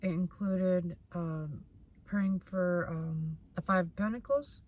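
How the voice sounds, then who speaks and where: A woman doing a casual tarot reading, speaking very slowly in a low voice. She is blunt, curses freely and circles back over her points. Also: a little mellow. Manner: blunt, swears freely, repeats herself. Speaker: tarot reader.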